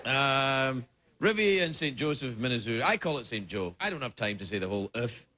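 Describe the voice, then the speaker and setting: A man's voice: medium pitch, animated, fairly quick. A man hosting a late-night talk show, reading viewer mail with a rambling, playful manner and frequent laughter. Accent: Scottish. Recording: TV studio with loud audience noise. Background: audience laughter.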